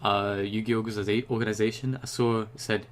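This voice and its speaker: A young man ranting casually and excitedly about a new card, rambling and swearing often, just after waking up. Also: fairly low pitch, brisk. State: just woke up. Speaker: YouTuber reviewing a card.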